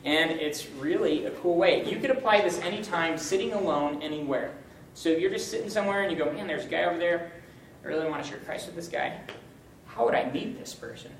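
A man's voice: fairly high pitch, fairly quick, distant mic. Upbeat young man teaching a group, roomy sound. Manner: upbeat, joking, animated. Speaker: campus ministry speaker. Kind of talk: informal teaching talk. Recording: roomy, from the mic, faint hum.

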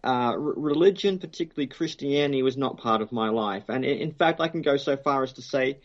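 An Australian-accented guest theologian chats casually in a phone interview, joking around, relaxed, with plenty of fillers and restarts. His medium-pitched voice moves fairly quickly, and the audio is dull.

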